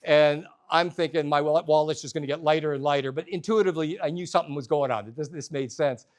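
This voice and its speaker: A man's voice: fairly high pitch, fast. A man telling a comic story at a live workshop, self-deprecating and humorous. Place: workshop room with a live audience.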